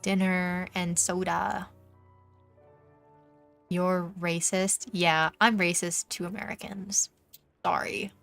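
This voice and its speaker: A woman's voice: on the low side, level tone, slow pace, gravelly, long pauses, a bit bright. A young Canadian woman streamer with a Canadian accent, chatting casually and teasingly with viewers while gaming, full of fillers. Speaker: VTuber streamer. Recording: faint background music.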